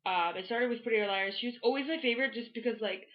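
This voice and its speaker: A woman's voice: a little high, very fast. Teen girl from florida gushing to her camera, lots of likes, kinda muffled lo-fi audio. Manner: excited, rambling with many "like" fillers. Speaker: vlogger. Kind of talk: casual storytelling to camera.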